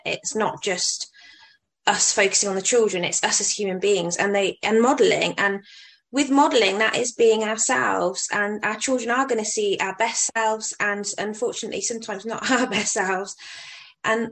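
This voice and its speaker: A woman's voice: mid-range voice, fairly bright tone, poor audio. A woman in her thirties from England, talking openly and casually about family life. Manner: open, candid, with restarts. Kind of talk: casual conversation.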